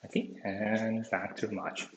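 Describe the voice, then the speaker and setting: A man's voice: lowish voice, flat delivery, slow. A man instructing an online exercise class, slightly out of breath, encouraging and saying "okay" again and again. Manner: encouraging, says "okay" constantly. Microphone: video call. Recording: echoey room, faint noise.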